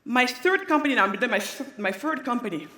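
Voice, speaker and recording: A woman's voice: fairly high pitch, big pitch swings, a little fast, bright, forceful tone. A woman from Africa giving an inspirational conference talk on stage, emphatic and repeating key phrases. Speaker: speaker. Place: large hall on stage. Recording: echoey hall, long reverb.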